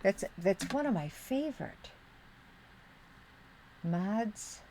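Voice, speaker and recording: A woman's voice: mid-range voice, very animated, takes it slowly, dark tone, slight background noise. Woman, middle-aged, Western New York accent with a Midwestern touch, casual live-stream chat, rambling, mutters to herself, desk mic. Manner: rambling, talks to chat, muttering while searching.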